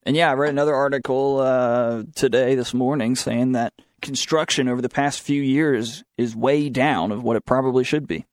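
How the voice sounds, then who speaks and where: A young man with a Southern American twang hosts a student radio talk show and fires off sarcastic opinions between news items he reads aloud. His voice sits at an ordinary middle pitch. The sound is close and dry, with no room echo. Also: steady tone, moderate pace, hardly any pauses. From southern United States. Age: young adult.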